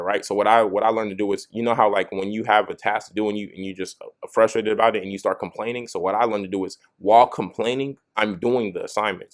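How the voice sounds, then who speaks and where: A young man talks straight to camera in a loose, casual motivational style. He keeps circling back with "you know what I'm saying" and restarts lines as he thinks aloud. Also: fairly low pitch. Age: young adult. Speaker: motivational video host.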